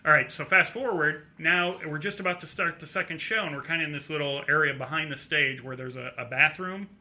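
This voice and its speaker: A middle-aged male comedian telling a story in casual talk, acting out a drunk heckler in a high voice. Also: a little fast, sharp tone. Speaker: comedian guest.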